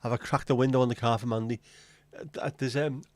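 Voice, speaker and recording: A man hosts a casual livestream in an easygoing, middle-pitched voice. He rambles through jokes and banter aimed straight at his viewers. The sound is dry and close, with no room echo. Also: steady tone, quick pace, darkish tone. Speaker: livestream host.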